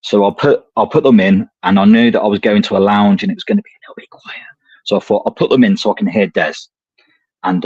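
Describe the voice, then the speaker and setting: Low-voiced Englishman telling a rambling story. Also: darkish tone, husky, dry recording, muffled recording. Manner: rambling anecdotal storytelling with casual swearing. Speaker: podcast co-host. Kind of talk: casual podcast chat. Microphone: remote streaming call.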